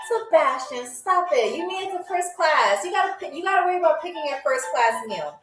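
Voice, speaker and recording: A woman's voice: high-pitched, animated, moderate pace, a bit bright, echoey room, far from the mic, faint music behind, rough recording. A woman hosting a live-stream game show, playful and chatty, talking straight to her viewers.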